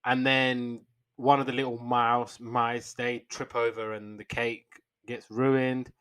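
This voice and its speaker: A man's voice: medium pitch, level tone, slow pace, a bit bright, clean tone, no room sound. A young man hosting a podcast, casually retelling old cartoon episodes in a rambling way with fillers and restarts.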